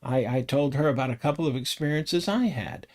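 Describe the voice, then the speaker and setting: A man's voice: mid-range voice, fairly quick. A middle-aged man talking casually about tarot cards, rambling from one anecdote to the next. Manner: rambling, anecdotal, animated when telling stories. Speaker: tarot reader and teacher.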